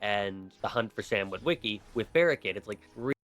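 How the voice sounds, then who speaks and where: A man's voice: fairly low pitch, expressive, fairly quick, a bit bright, faint music behind. A man rambling through gripes in a game review, exasperated and complaining. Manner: exasperated, griping. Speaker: gaming video commentator.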